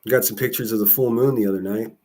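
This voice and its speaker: A man's voice: on the low side, fairly even intonation, fast talker, mellow. A man, livestreaming in casual chat, rambling with profane jokes and asides.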